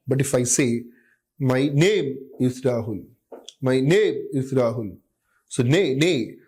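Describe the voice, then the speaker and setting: A man teaches a clinical medicine lesson. He leans on "okay" and "uh" as fillers and repeats key terms over and over so they stick. His delivery is steady and explanatory, like a tutor walking residents through a topic. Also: fairly high pitch, husky. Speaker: medical lecturer.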